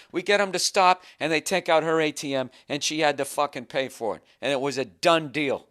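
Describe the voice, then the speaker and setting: A male comedian tells a road story with excitable, profane glee. His voice is bright and crisp, sitting a little high for a man. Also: fairly quick, few pauses. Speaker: stand-up comedian.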